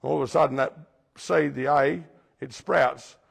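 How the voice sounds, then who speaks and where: A man's voice: mid-range voice, steady tone, measured pace, gravelly, breathy edge. A man teaching a recovery group in a preaching style, repeating his points and questioning the audience directly. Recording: long hall reverb.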